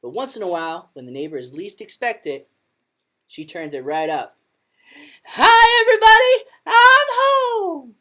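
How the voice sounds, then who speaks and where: A woman music teacher reading a children's picture book aloud to her class in an expressive storytelling manner. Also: sits low, moderate pace.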